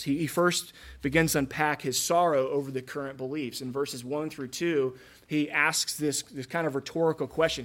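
A pastor preaching a conversational sermon, checking in with listeners through frequent asides. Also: male voice, fairly high pitch.

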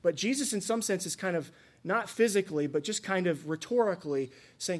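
A man's voice: high voice, a little fast. A man preaching a sermon, earnest and conversational, with asides and rhetorical questions to the congregation. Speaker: pastor.

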